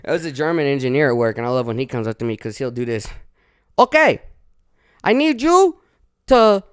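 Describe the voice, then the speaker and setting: A man's voice: mid-range voice, racing, darkish tone, clear, resonant tone, no echo, clean studio sound. A man hosting a podcast, chatting casually in a joking, profane way. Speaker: podcast host.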